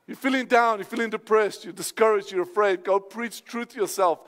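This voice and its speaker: A man preaching a sermon as pastor, exhorting his listeners and rising to shouted declarations. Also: sits high, fairly even intonation, brisk, few pauses, big-room sound, a faint crowd. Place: church sanctuary.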